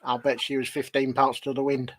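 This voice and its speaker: A man's voice: mid-range voice, little pitch movement, fairly quick, dry recording. A British man co-hosting a live stream, chatting casually and throwing in dry quips. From Britain. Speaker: co-host. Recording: clear background noise.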